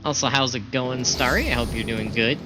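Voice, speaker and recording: A man's voice: medium pitch, brisk, poor audio. A man streaming a game, making chatty asides between reading the dialogue aloud, with game music playing behind. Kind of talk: casual gaming stream.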